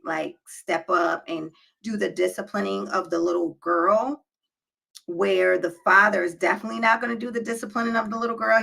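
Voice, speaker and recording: Gravelly, bright-voiced woman giving advice. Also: fairly low pitch, rough recording. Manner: emphatic, preachy, checks in with "okay?" and "right?". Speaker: relationship advice vlogger. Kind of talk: direct-to-camera advice talk.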